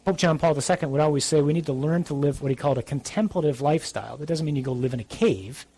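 A man's voice: fairly high pitch, fast, mellow, slightly rough, dry recording. A man, a priest, giving a conversational religious talk to young adults, blunt and emphatic with some dry humour.

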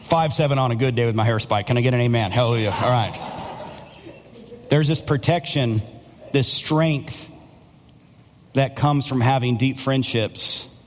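A man preaching a Sunday sermon at a mid pitch, pressing his points with loud, emphatic bursts. His voice rings through the long reverb of a church sanctuary. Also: moderate pace, pauses often, slight background noise. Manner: preaching with rising, near-shouted emphasis. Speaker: pastor.

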